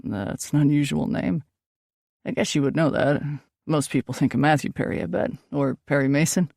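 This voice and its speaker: Woman reading as a playful, teasing young man, eccentric ghost hunter; light gravel in the tone, dry close mic. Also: deep voice, moderate pace, darkish tone, no room sound. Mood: joking. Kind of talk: audiobook dialogue.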